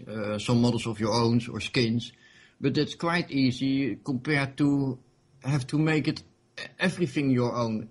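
Guy in an interview, kinda husky, stops and restarts a lot, lots of uhs. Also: mid-range voice. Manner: hesitant, many fillers and restarts. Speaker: interview guest, game modder. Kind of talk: casual interview talk.

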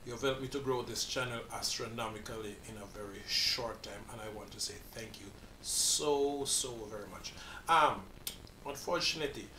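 A man's voice: medium pitch, normal speed, sharp tone, echoey room, distant mic, a little hiss or hum, low-quality recording. A man in his forties with a Caribbean accent, hosting a reaction video in earnest, rambling talk that restarts its sentences. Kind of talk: casual reaction commentary.

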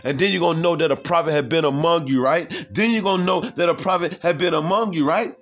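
Male street-style preacher, higher voice, heated and crude, reads verses then riffs on them. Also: fast, fairly bright tone, faint music behind. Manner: profane, heated, keeps asking "you see?". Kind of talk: informal scripture preaching.

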